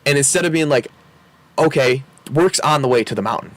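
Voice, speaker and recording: A man's voice: mid-range voice, lively intonation, very fast, a bit bright, no room sound. Guy in his 20s rambling thru a story on a podcast, lots of likes and you knows, laughs a bunch. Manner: rambling, candid, laughs often, many fillers. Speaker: podcast guest. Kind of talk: casual storytelling.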